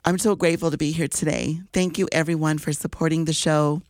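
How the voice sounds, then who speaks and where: A woman radio host doing morning show patter in a studio, gushing, emotional and excited as she talks. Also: sits low, a little fast, no room sound. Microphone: studio microphone.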